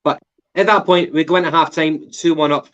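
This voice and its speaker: A man's voice: on the high side, fairly even intonation, brisk. A man with a Glaswegian Scottish accent co-hosting a football podcast, chatty and asking questions. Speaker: podcast co-host. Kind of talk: casual football chat. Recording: dull lo-fi sound.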